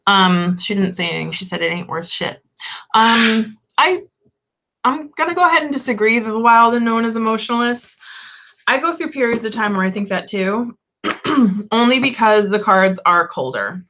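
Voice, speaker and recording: Bright-voiced chatty young woman. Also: fairly high pitch, animated, normal speed. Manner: chatty and candid, lots of "like" and "um", swears freely. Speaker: tarot channel host. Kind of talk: casual live-stream chat.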